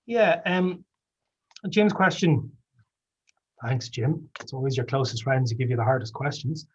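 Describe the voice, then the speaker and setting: A man's voice: medium pitch, moderate pace, a little mellow, husky, highs cut off. A middle-aged Irish man, a politician answering audience questions in a panel discussion, talking earnestly with restarts and asides. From Ireland. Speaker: politician presenting a policy paper.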